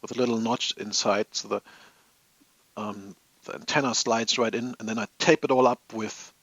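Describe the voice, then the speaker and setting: A man's voice: medium pitch, fairly even intonation, moderate pace, fairly bright tone, slightly rough, dry recording, muffled recording. A man hosting a live hobby stream from his home office, chatting casually with viewers in a rambling, amused way. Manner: rambling, chatty, laughs at his own stories.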